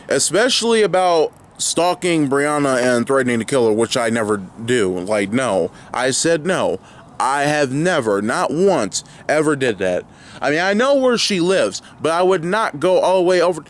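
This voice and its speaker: A man's voice: on the high side, slight background noise. A young man vlogging outdoors near his home, ranting indignantly and rambling with lots of fillers and restarts. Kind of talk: angry ranting vlog.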